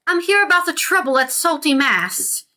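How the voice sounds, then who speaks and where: A woman reading out the lines of a defiant, armored rebel woman from a game, pitched a little above her normal voice. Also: very animated, normal speed, bright, forceful tone, full character voice. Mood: indignant. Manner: read aloud from game text, raised pitch.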